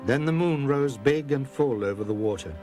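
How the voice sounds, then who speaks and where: A man narrating a children's storybook in a calm, clear way. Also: medium pitch, normal speed. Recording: soft music under narration.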